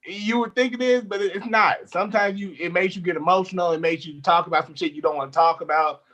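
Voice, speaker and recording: Bright-voiced young man telling stories. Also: sits high, fast talker. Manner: animated, laughs often, swears freely. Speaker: comedian guest. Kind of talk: casual storytelling chat.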